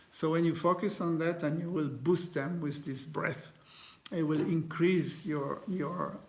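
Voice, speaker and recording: A man leading a guided meditation, speaking gently with many pauses, fillers and restarts, in slightly non-native phrasing. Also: on the high side, creaky. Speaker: meditation teacher.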